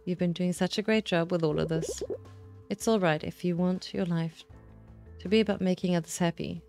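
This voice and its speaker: A woman voicing a gentle mother bear in a video game, speaking in a soothing, motherly way. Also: lowish voice, steady tone, normal speed, natural voice. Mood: consoling. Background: game music.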